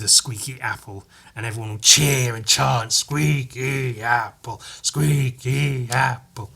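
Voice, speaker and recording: A man with a bright, forceful voice and a middling pitch hosts his own comedy podcast. He rambles through a story, keeps backtracking and correcting himself, and tosses in crude asides along the way. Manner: meandering, self-correcting, crude jokes. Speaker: podcast host.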